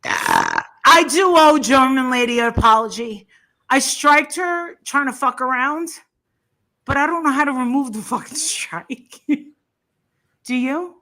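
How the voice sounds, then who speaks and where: Bright-voiced giggly woman guest. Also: high voice, wildly swooping pitch, slow pace. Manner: giggly and teasing. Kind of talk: casual livestream chat.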